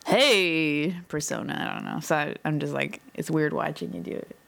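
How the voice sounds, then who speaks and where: A woman's voice: deep voice, normal speed, creaky, fairly bright tone. A woman co-hosting a podcast, chatting casually with lots of filler words and frequent laughs. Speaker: podcast co-host. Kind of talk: casual chat. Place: Seattle area.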